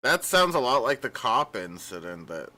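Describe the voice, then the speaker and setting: A man's voice: mid-range voice, sing-song, moderate pace, sharp tone. A man hosting a casual commentary show, talking in a sarcastic, joking way. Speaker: host.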